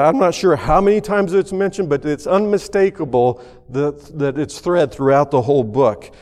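A man's voice: on the high side, darkish tone. Guy pastor giving a sermon, rambly folksy storyteller, lots of uhs, big echoey church sound. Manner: folksy storytelling with many fillers.

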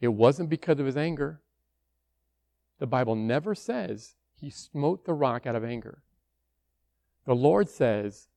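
A man preaches in an easy, conversational manner, often dropping into the fretful voices of his congregation. His pitch sits in the middle range for a man. The sound is dry, with little room echo. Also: lively intonation, a little slow, creaky, pauses often, mellow. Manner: conversational preaching, acts out worried church members. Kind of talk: sermon.

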